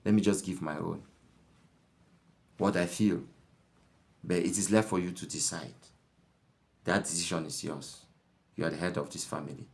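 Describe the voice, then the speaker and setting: A man voicing a calm, gentle wife who speaks softly and quietly. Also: deep voice, moderate pace. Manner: soft, quiet, pleading.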